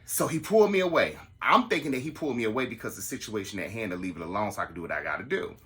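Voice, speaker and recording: A man, telling a story to his listeners in a casual, animated way and acting out the quotes. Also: racing. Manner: animated, acts out the quotes in a higher voice. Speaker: podcast host telling a story.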